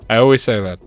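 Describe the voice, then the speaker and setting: A man streaming a game and chatting casually, ranting in an animated way and jumping to high exclaims. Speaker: gaming streamer. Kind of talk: casual chat while playing a game.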